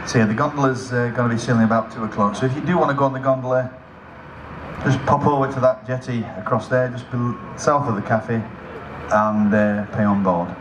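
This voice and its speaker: A man in a mid-range voice gives relaxed, joking announcements over a public address system. The sound echoes across the outdoor site, with steady noise and traffic behind him. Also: mid-range voice, a little fast. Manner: chatty, self-mocking jokes between notices. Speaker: event announcer. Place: outdoors at a lakeside festival.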